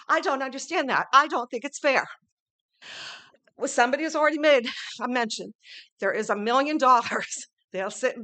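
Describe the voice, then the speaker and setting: A woman with a high, bright voice speaks at a public meeting, pleading and emotional. Her remarks ramble and circle back. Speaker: public commenter. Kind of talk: public comment at a council meeting.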